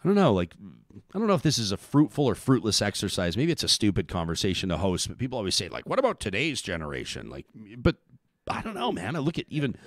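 A man's voice: fairly low pitch, very animated, fast, no echo, studio quality. A middle-aged man hosting a talk radio show, rambling thoughtfully with frequent restarts. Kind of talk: casual talk radio chat.

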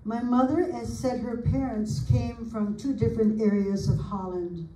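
An older woman from the United States reading family recollections aloud in an unhurried, homely way, adding small asides as she goes. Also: fairly high pitch, steady tone, warm tone, slight background noise. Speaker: family historian presenter. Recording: roomy sound from a distant mic.

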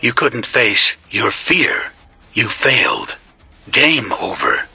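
A woman putting on a deep, slow, ominous announcer voice with music behind. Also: big pitch swings, creaky, pushed and bright, breathy edge, exaggerated voice. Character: deep booming game-show announcer voice.

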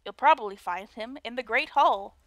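A woman voicing a very old male castle guard with a put-on Cockney accent, gruff, foggy but capable. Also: a little high, lively intonation, moderate pace, dry recording, lightly acted. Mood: weary.

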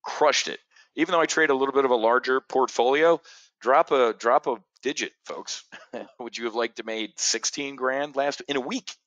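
A US trading educator hosts a live options-trading brief, seated in a studio chair and talking straight to camera with brash, boastful sales patter. His medium-pitched voice is a bit bright and moves at a moderate pace, with no room sound and the highs cut off.

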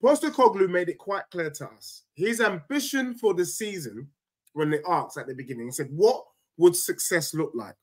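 A man's voice: high-pitched, normal speed. A young man, co-hosting a casual football debate, emphatic and ranting as a fan. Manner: animated, emphatic, ranting with rising outbursts. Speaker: football podcast co-host, fan.

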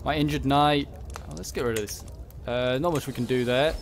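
A young man giving casual commentary on a strategy game, thinking aloud and muttering quick reactions. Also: medium pitch, slight background noise. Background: background music.

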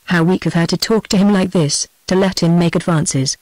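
A woman's voice: on the low side, normal speed, few pauses, no echo, poor audio. Synthetic British woman narrator, dry sound. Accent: British English. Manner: even, steady machine reading. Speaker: audiobook narrator.

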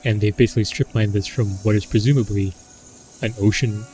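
A man's voice: on the low side, steady tone, fairly quick, a little mellow, faint music behind. A man giving casual running commentary while playing a survival game, talking himself through his choices. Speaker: gameplay commentator.

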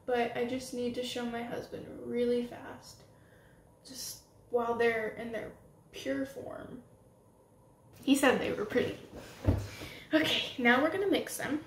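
A young woman talks her way through a makeup tutorial at home, gushing and excitable as she works. Her voice sits a little high. The room sounds roomy and echoey, with a faint ambient hum underneath. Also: unhurried, long pauses. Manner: gushing and excitable, talking while applying makeup. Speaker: beauty vlogger. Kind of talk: casual makeup tutorial chat. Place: home room with setting sunlight.

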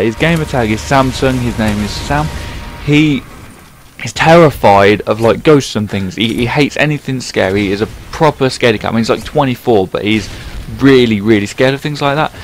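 A young man, telling a prank anecdote in an animated, casual way over his gameplay commentary, with some swearing. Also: medium pitch, brisk, slight background noise. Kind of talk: casual storytelling voiceover.

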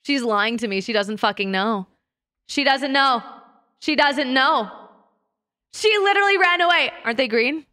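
A woman's voice: fairly high pitch, measured pace, bright, forceful tone, no echo, clean studio sound. A woman streaming as a VTuber in casual chat, swearing freely and breaking into laughter often. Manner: profane and giggly, swears often and laughs a lot.

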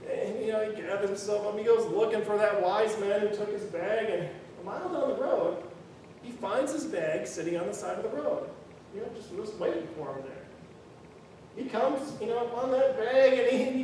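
A man's voice: high voice, moderate pace, a little mellow. A man preaching a sermon in a conversational, earnest way, often restarting and saying "you know", in a church. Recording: very echoey room, far from mic, faint noise.

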